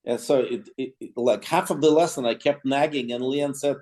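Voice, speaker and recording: Mellow-voiced man telling a lively story. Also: mid-range voice, a little fast, few pauses. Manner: animated anecdote-telling with many restarts and acted quotes. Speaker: clarinetist guest. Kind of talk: storytelling in an interview.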